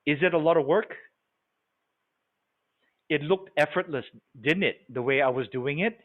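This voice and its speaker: A man leading a live sales training webinar, animated and coaching, often checking that his audience follows. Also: on the high side, normal speed. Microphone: video call. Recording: tinny phone-like webinar audio.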